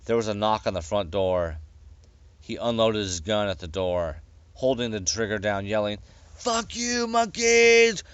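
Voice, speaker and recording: A man reading his own story aloud in a plain, unhurried way with small stumbles. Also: lowish voice, lo-fi sound, slight background noise. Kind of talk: casual audiobook reading.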